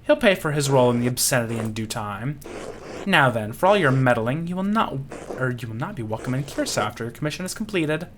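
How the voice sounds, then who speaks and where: This is a man reading a stern middle-aged churchman who scolds with stiff formality. The voice sits a bit lower than the reader's own. The pitch still moves in a lively way. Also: quick pace, noisy background, close to an everyday voice.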